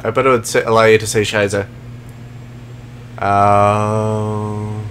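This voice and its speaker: A man speaks in a fairly low, flat voice at a slow pace, fairly bright in tone, with slight background noise. He is streaming a game, swearing and sarcastically taunting enemies as he chats with viewers.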